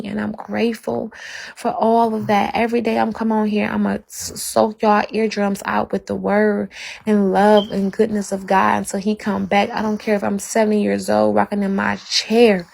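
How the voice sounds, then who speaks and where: A woman's voice: mid-range voice, vocal fry, darkish tone. A woman fervently sharing a religious testimony, preaching and repeating phrases for emphasis. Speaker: guest.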